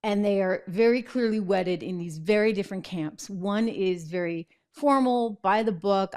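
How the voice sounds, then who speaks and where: A woman's voice: mid-range voice, normal speed, few pauses, darkish tone, smooth. A middle-aged woman host chatting and telling a story in casual commentary. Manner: chatty storytelling with fillers and laughs.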